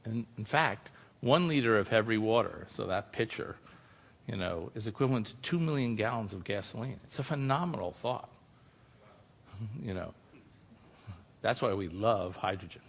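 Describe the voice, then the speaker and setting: A lower-voiced man presenting to an audience in an informal, chatty way, checking in with the listeners as he explains. His voice rings out with a long reverb from the hall around him. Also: animated, moderate pace, vocal fry, long pauses. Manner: explains informally, often adds "you know" and "right?". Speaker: scientist giving a public talk. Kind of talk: conversational presentation.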